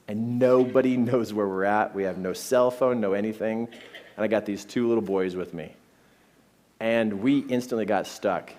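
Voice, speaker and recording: A middle-aged man giving a talk full of personal stories, animated and often laughing between phrases. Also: on the low side. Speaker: speaker.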